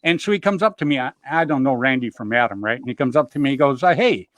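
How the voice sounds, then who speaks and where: A man's voice: medium pitch, fast talker, a bit bright, no room sound. A middle-aged man hosting a show, telling stories in a rambling, upbeat way and dropping "you know" constantly. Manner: upbeat, jokes about himself. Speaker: show host. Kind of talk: casual storytelling chat.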